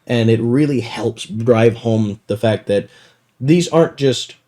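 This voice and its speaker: A man's voice: medium pitch, unhurried. A man hosting a casual podcast, telling tabletop game stories with lots of laughter. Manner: animated storyteller, laughing often. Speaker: podcast host. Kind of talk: casual chat.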